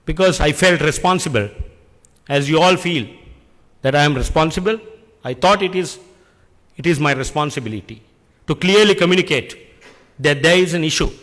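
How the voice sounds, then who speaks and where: A middle-aged man, giving an earnest, deliberate speech at an industry function and posing rhetorical questions. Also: a little high, fairly bright tone, long reverb tail. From Sri Lanka. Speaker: public speaker addressing an industry function. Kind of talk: speech at an event. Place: function hall.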